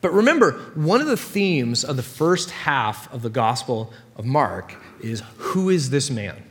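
Animated preacher in a reverberant hall. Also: male voice, mid-range voice, a little slow. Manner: casual, animated storytelling with playful asides. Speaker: pastor. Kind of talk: sermon.

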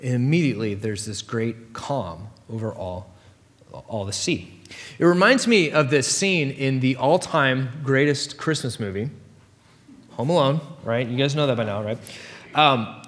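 A man preaching a sermon as pastor, telling stories in a casual, animated way with playful asides. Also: medium pitch, a little slow. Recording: long hall reverb.

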